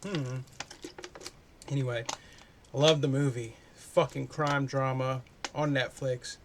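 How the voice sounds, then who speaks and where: A man's voice: mid-range voice, fairly even intonation, slow pace, background noise. A man doing a casual, chatty movie review, loose and full of swearing.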